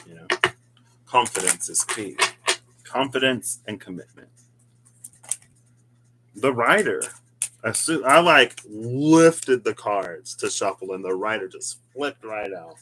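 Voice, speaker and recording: A man's voice: medium pitch, expressive, a little slow, a bit bright, slight background noise, low-quality recording. A man chatting casually through a tarot reading, rambling, laughing often and talking to himself as he goes. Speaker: tarot card reader.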